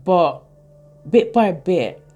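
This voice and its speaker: A reader in their thirties talks through tarot cards in a loose, heartfelt way, often drifting off topic. The voice is soft and mellow, never bright. Their pitch sits in an ordinary middle range. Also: animated, drawn-out words, faint music behind. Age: 30s. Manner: rambling, heartfelt, speaks straight to viewers. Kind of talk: casual tarot reading for viewers.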